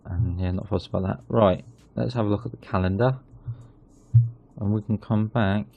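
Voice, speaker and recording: A man hosting his gaming channel, chatting casually through a football management game and getting excited at goals. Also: lowish voice, moderate pace, gravelly, narrow, tinny audio, soft background music.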